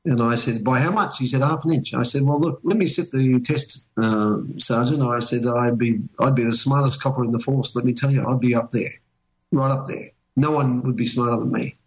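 A man's voice: medium pitch, steady tone, brisk, poor audio. Rambling older Australian man telling stories. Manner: rambling anecdotes with many fillers and restarts. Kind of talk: casual storytelling chat.

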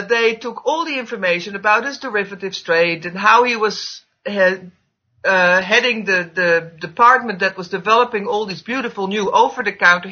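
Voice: medium pitch, sharp tone, dull audio. An interviewer asking long, rambling questions full of restarts.

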